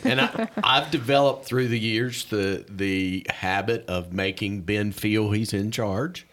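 A middle-aged man on a podcast who talks in a projecting voice, relaxed and joking. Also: on the low side, slow pace. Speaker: podcast guest, coworker.

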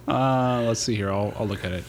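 A man hosting a casual chat, reading magazine pages aloud in a relaxed, wry way with frequent hesitations. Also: medium pitch, background noise. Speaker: podcast host.

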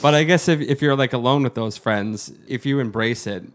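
A man chatting casually in a relaxed way, mostly adding short remarks. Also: medium pitch, fairly quick. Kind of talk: casual chat.

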